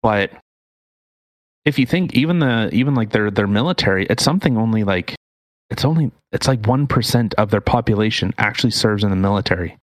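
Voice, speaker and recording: A man's voice: lowish voice, lively intonation, a little fast, dry recording. A man co-hosting a casual podcast, explaining news articles in an opinionated way. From Canada. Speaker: podcast co-host.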